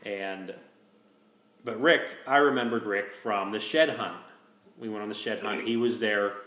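Male host, low-leaning voice, easygoing rambling storyteller, recorded in a reverberant room. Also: steady tone, measured pace, fairly bright tone. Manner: rambling, with many restarts and "you know". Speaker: host telling a hunting story. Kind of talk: casual storytelling chat.

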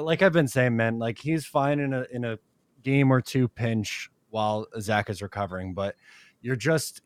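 A man's voice: on the low side, no room sound. Laid-back man telling a story, dry sound. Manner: rambling storyteller, laughing often. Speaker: podcast co-host. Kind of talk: casual sports chat.

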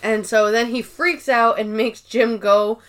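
A woman with a fairly high voice co-hosts a casual podcast recap. She retells scenes in an animated way, slipping into quoted lines and swearing freely. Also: a little slow. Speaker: podcast co-host. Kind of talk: casual episode recap chat.

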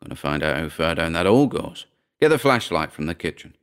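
A gruff, scornful farmer talks in blunt, rough folksy phrases, voiced by a man reading the story. The voice sits very deep and smooth. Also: sing-song, fairly quick, a bit bright, exaggerated voice. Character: gruff uneducated middle-aged farmer, scornful.

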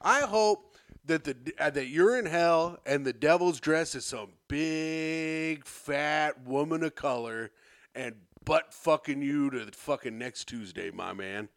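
A man's voice: a little high, slow pace, fairly bright tone, no room sound. A young adult man co-hosting a comedy podcast, delivering crude mock eulogies. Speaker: podcast co-host. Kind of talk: profane comedy podcast banter.

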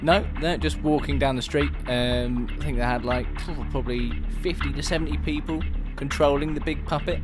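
A man's voice: on the high side, fairly even intonation. A man co-hosting a casual quiz chat, joking and laughing as he reacts. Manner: giggly, joking, quick reactions. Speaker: podcast co-host. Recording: music playing under the voices.

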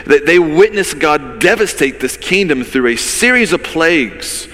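A man's voice: a little high, animated, unhurried, sharp tone. A man, a pastor, giving a conversational sermon with vivid storytelling and rhetorical questions. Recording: long reverb of a large hall.

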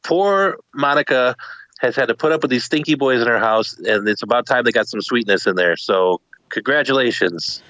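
A man co-hosting a casual podcast, an excitable self-described comic-book nerd giving animated opinions. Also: medium pitch, normal speed, no room sound, muffled recording. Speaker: podcast co-host.

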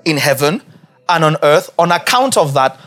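A man preaching a sermon as pastor, emphatic and repetitive, building to raised, shouted peaks. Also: a little high, big pitch swings, normal speed. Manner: emphatic, repeats key phrases, rising to shouts.

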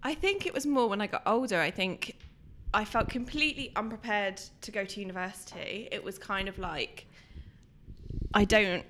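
A young woman chatting casually, telling a lively story full of "like". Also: mid-range voice, normal speed, a little hiss or hum. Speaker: conversation partner. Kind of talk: casual chat.

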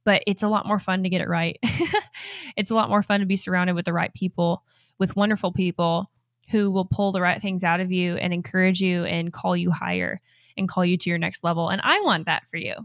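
Energetic twenty-something woman doing a pep-talk podcast, dead dry mic, laughs a lot. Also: on the low side, a little fast, no room sound. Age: 20s. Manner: energetic and enthusiastic, often laughing. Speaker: podcast host and life coach. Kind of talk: upbeat motivational podcast talk.

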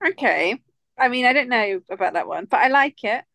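A woman co-hosting a podcast in casual chat, animated and playful, laughing a lot. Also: fairly high pitch, fairly quick, gravelly, dry recording. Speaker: podcast co-host.

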